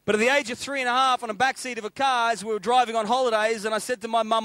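High, bright-voiced preacher man. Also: racing, dry recording. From England, raised in Australia. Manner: animated storytelling, repeats phrases for emphasis. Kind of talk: sermon.

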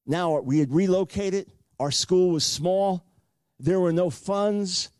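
A man's voice: high-pitched, takes it slowly, a little mellow, no room sound, studio quality. An older man preaching a sermon, telling a personal story earnestly and repeating words for emphasis.

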